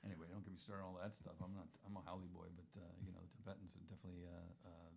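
Laid-back musician guy rambling fast, lots of "man" and "you know". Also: low voice, little pitch movement, creaky, darkish tone, a little hiss or hum. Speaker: musician guest. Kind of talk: casual conversation.

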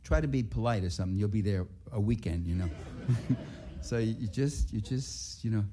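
Mellow low-voiced man telling stories. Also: normal speed. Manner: rambling storytelling with restarts and asides. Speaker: writer and activist speaker. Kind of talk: public talk with anecdotes.

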